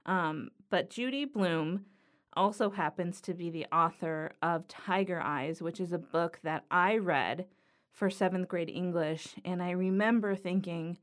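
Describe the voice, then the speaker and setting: A woman hosting a podcast, talking earnestly and reflectively in a solo monologue about writing from the heart. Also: on the low side. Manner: earnest, reflective, slow and thoughtful. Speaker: podcast host.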